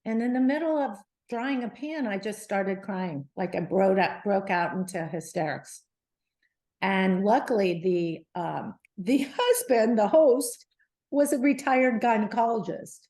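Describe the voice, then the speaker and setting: A middle-aged woman, a guest on an interview show, telling her story in a lively, animated way with many restarts. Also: medium pitch, a little slow. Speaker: guest, menopause advocate.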